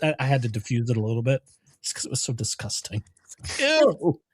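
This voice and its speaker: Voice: medium pitch, fairly even intonation, quick pace, darkish tone, husky, dry recording, studio quality. A stream co-host chatting casually and animatedly, slipping into mocking asides. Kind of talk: casual chat.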